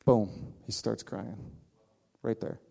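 A man preaching, telling a personal story with animated delivery, acting out the voices of others and laughing at himself. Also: lowish voice, slow pace, vocal fry. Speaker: pastor. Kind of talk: sermon storytelling.

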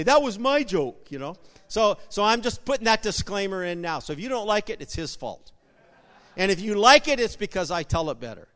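A man with a high voice preaches in a church, telling jokes as he goes. He stumbles and repeats words, then bursts out loud now and again. His voice rings out in a long, echoing hall. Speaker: pastor. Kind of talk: sermon with jokes. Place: church sanctuary.

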